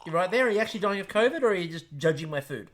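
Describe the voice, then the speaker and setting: A man's voice: high-pitched, lively intonation, racing, fairly bright tone, slight background noise. Aussie guy cohosting a chatty podcast, jokey, rambles, laughs a lot. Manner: joking, rambling, laughs often. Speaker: podcast co-host. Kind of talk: casual chat.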